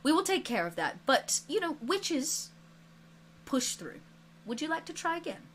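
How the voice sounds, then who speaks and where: A stern male flight teacher at a school for witches, put on by a woman running a tabletop game. He speaks low, soft and clipped, with a dry sarcastic edge, and his pitch swings widely between words. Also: big pitch swings, moderate pace, a little hiss or hum.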